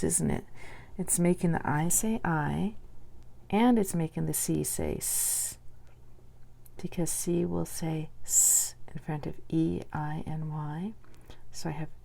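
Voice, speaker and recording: A woman's voice: on the low side, gravelly, warm tone. A woman teaching a spelling lesson, patiently sounding out words letter by letter and asking the listener to repeat them.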